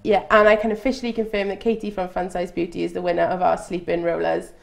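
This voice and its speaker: A woman hosting a casual live beauty chat show, chatty and quick to laugh, with many restarts. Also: lowish voice, flat delivery, gravelly. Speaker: host.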